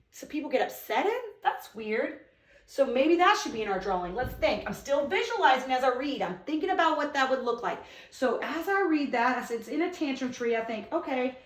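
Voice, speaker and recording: A woman teacher giving an online lesson to young children, reading a poem aloud with slow, expressive emphasis. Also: high voice, reverberant, distant mic.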